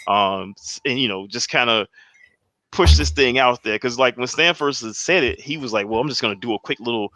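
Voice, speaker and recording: A man's voice: mid-range voice, normal speed, bright, forceful tone, no room sound. A man speaking as a podcast guest over a video call, rambling with many restarts. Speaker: guest comic creator.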